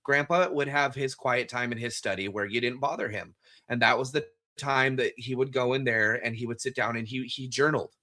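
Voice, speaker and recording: A man interviewing a guest, telling a reflective anecdote in a measured, conversational way. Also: mid-range voice, bright, forceful tone.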